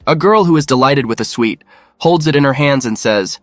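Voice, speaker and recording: Male narrator, mid-pitched, even matter-of-fact read, dry close sound. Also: moderate pace, no echo, soft background music. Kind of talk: scripted narration.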